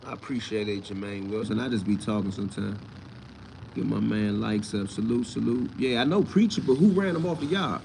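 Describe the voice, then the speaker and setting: Blunt, profane man in fast bursts. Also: fairly low pitch, creaky, darkish tone, a little hiss or hum. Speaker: host answering live chat. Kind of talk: casual livestream talk.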